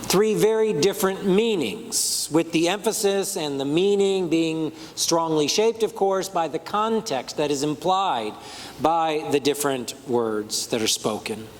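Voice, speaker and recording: A male pastor preaching a sermon, measured and deliberate, shifting his emphasis on words for effect. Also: on the high side. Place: church sanctuary. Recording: long church hall reverb.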